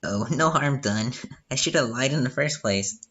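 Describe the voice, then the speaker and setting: A man voicing a lively, cheerful teenage schoolgirl friend in a game reading. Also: mid-range voice, normal speed, lo-fi sound, lightly acted.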